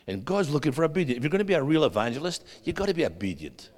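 A man preaching a sermon as a guest preacher, animated, swinging between loud and hushed and putting questions to the audience. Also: on the high side, very fast. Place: church hall. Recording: long hall reverb.

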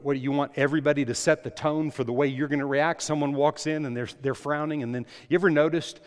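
A man preaches with an emphatic, repeating delivery, pressing on key phrases and then pulling back to quiet asides. His voice sits a little high for a man. A long reverb hangs on it, as in a large church hall. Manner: emphatic, repetitive preaching with rising volume. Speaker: pastor. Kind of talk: sermon.

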